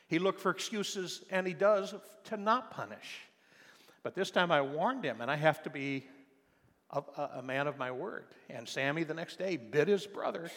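An older man preaching a sermon, telling a family story in a conversational way and then rising to loud, impassioned preaching. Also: mid-range voice. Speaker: pastor. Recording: long hall reverb.

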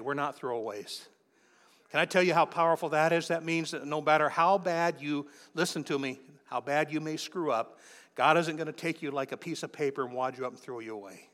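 A man's voice: fairly high pitch, fairly quick, a bit bright. A man preaching a sermon, telling a personal testimony and then exhorting his listeners fervently. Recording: long hall reverb.

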